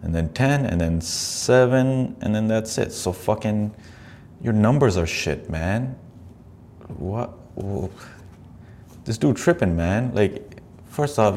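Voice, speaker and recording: Vocal fry colors this fairly low-pitched male host as he reacts to video clips on a casual podcast. His commentary is profane and mocking, full of animated asides, with slight background noise present.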